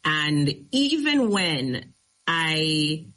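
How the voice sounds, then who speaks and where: A middle-aged woman attorney, low-pitched and speaking extremely slowly, tells her story as a guest in a casual interview, retelling it animatedly with mounting emphasis. The recording is rough.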